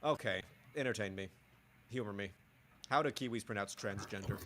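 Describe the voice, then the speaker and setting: A man's voice: lowish voice, normal speed, background noise. A man co-hosting a podcast in casual, playful chat, with sudden bursts of vocal sound effects. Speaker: podcast co-host. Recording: podcast mic.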